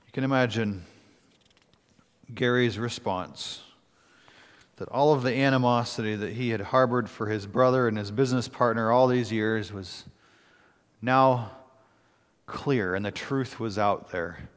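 Reading from scripture and then moving into a story, this male pastor speaks earnestly but haltingly, pausing and starting over. His voice sits in the mid-range, with a long reverb tail behind it.

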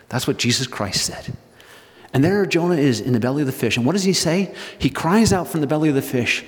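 A man's voice: mid-range voice, lively intonation, normal speed. A man preaching a sermon as pastor in a church sanctuary, retelling scripture with emphatic stresses, drawing out key words and then pressing ahead. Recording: long hall reverb.

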